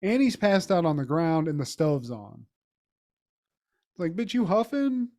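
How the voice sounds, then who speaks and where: A man co-hosts a casual podcast and recaps a TV episode. His voice sits a little high. He talks in a loose, rambling way, full of fillers and swearing. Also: animated, measured pace, a little mellow. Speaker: podcast co-host.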